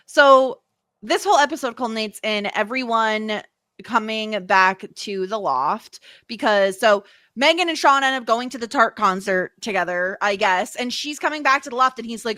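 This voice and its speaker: Podcast co-host, woman, high bright voice, very animated, profane, dry close mic. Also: moderate pace, dry recording. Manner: animated, laughs often, swears freely. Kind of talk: casual recap chat.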